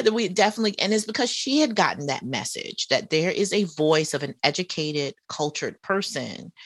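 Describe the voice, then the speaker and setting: Low-voiced Southern woman, dry close sound. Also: dry recording. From US South, Charlotte. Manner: animated, laughs often, emphatic repetition. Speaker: guest, author and professor. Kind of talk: conversational interview.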